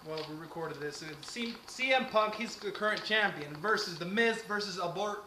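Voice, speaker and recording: Bright, high-voiced man announcing matches. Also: moderate pace. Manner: announcer-like, reads out match cards. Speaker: co-host. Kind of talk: casual wrestling prediction chat. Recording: echoey room with faint noise.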